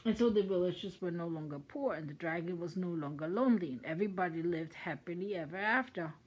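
A woman's voice: fairly low pitch, quick pace, few pauses, slightly rough, rough recording. An older woman from Germany with a German accent, reading a children's story aloud with chatty asides. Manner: chatty asides between sentences.

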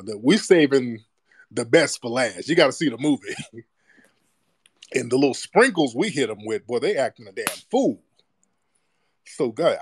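A man hosting a casual commentary monologue, slangy and mocking, breaking into shrill voices to mimic his critics. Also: no room sound. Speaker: host.

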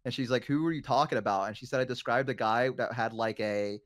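A man's voice: mid-range voice, fast, dry recording, studio quality. A young man chatting casually and telling stories, rambling with lots of fillers. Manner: rambling, many fillers and restarts. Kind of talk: casual chat, storytelling.

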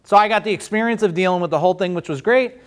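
Animated, chatty workshop leader, a man. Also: sits high, racing, clean tone. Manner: animated, chatty, acts out voices. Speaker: business owner leading a workshop. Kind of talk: storytelling in a workshop.

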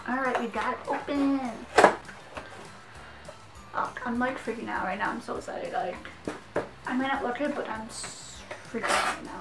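A young woman, chatting excitedly through an unboxing vlog, giggling and saying "like" a lot. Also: a little high, moderate pace, pauses often, recorded from a distance. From Canada. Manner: excitable and giggly, heavy use of "like". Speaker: vlogger. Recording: echoey room, voice off-mic, faint music.

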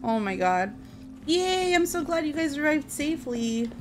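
A woman's voice: high voice, sing-song, unhurried, music in the background. A woman live-streaming a game, chatting casually with viewers, apologetic and easily startled. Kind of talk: casual live-stream chat while gaming.

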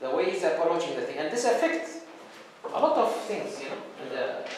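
A man hosts a workshop discussion and presses his points on the audience. His voice sits slightly high and bounces around a large echoing room. Faint background hiss runs under his speech. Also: sing-song, brisk. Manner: emphatic, questioning the room, frequent fillers. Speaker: dialogue host, speaker. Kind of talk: conversational workshop talk. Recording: echoey hall with background noise.

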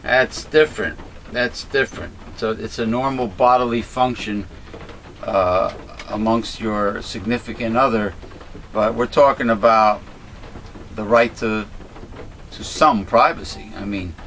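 A man's voice: on the low side, steady tone, measured pace, a bit bright, slight background noise. A man hosting a casual talk show, chatty and hesitant, often repeating and restarting his words. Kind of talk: casual chat.

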